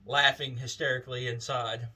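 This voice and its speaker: A man's voice: medium pitch, flat delivery, moderate pace, bright, forceful tone, husky, low-quality recording. A man, telling a wry, folksy story in a casual, chatty way. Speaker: vlogger.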